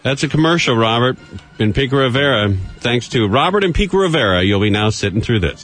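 A man hosting a call-in radio talk show, taking callers briskly and trading dry wisecracks. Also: mid-range voice, expressive, a bit bright. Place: radio studio. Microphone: studio microphone.

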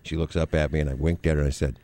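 A man who reports the TV news, visiting a radio show as a guest and telling an animated story. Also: a bass voice, very fast. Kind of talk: casual anecdote telling.

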